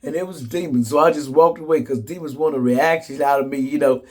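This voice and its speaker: A man's voice: on the high side, fairly quick, darkish tone. A man telling comedic stories to the camera in a sassy, blunt way, laughing often. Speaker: vlogger. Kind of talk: casual comedic storytelling.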